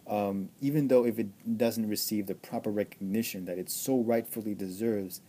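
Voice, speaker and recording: A man's voice: on the low side, steady tone, normal speed, dark tone, a little hiss or hum. A man giving an enthusiastic album review, gushing and repeating himself with many stammered restarts. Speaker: music reviewer.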